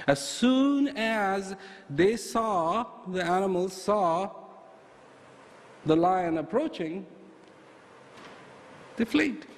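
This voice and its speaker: Animated, high-voiced male speaker in a hall. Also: slight background noise. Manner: animated, emphatic, rhetorical questions. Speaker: motivational speaker. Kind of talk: motivational talk with storytelling. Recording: echoey hall with faint ambience.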